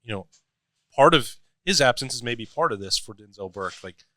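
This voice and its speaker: A man's voice: medium pitch, lively intonation, sharp tone, no echo. A man co-hosting a sports podcast, analytical and steering the conversation. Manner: fast, analytical, steering the talk. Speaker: podcast co-host. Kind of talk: casual sports talk.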